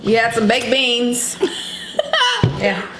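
A laid-back woman chats casually as a vlogger, swearing freely. Her voice sits fairly high. She is heard in an echoey room with music playing clearly behind. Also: steady tone, takes it slowly. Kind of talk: casual chat.

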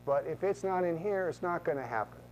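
A man's voice: on the high side, a little fast, highs cut off. Storytelling man over a faint hum. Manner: animated, acts out both sides of conversations. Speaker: real estate agent and speaker. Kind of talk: motivational storytelling talk.

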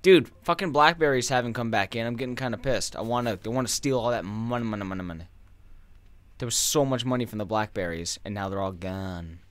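A young man giving crude, rambling gameplay commentary, breaking into loud excited yelling at times. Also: mid-range voice, fast talker, hardly any pauses, dry recording. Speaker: gaming YouTuber.

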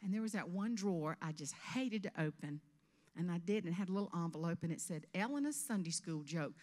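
A woman in her fifties from South Carolina with a Southern US accent, giving a humorous keynote speech on stage with animated storytelling. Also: on the low side, quick pace, in a large hall. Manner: animated storytelling with character voices. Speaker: motivational speaker. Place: event stage before an audience.

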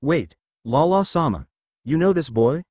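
A man's voice: fairly high pitch, expressive, a little slow, darkish tone, breathy edge, no room sound. A man voicing a strict royal guard who talks in a scolding tone. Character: stern adult male royal guard.

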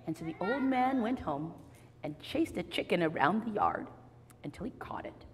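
A woman telling a children's story to a live audience, playful and animated, getting the kids to join in. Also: medium pitch, normal speed, big-room sound.

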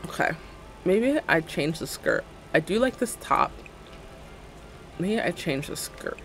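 A young woman in her twenties chats while she streams a game, giggly and rambling, with "like" in almost every sentence. Her pitch jumps around a lot while her delivery stays slow and drawn out. Soft music plays faintly behind her. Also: big pitch swings. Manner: giggly, rambling, full of "like" fillers. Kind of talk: casual livestream chat while playing a game.

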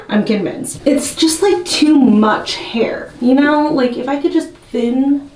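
Young woman vlogger rambling nervously, kinda high voice, sounds a bit far from the mic. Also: slow, darkish tone. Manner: nervous, self-mocking, chatty. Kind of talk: casual talking to camera while cutting a wig. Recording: roomy and a bit distant from the mic.

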